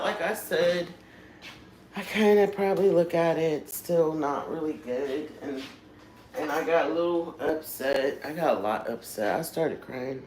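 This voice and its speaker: A woman with a low voice hosts a casual livestream. She talks openly and with feeling, speaking right to her viewers. There is a faint noise in the background. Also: low-quality recording. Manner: emotional, candid, addresses viewers directly. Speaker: livestream host.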